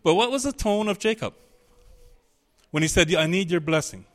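Emphatic male preacher, fairly high voice. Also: lively intonation, normal speed. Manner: emphatic, voices Jacob's pleading in quotes. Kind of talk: sermon.

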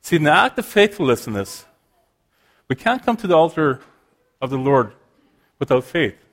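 A man's voice: on the high side, very animated, normal speed. A man preaching a sermon, explaining scripture earnestly and often restarting his phrases.

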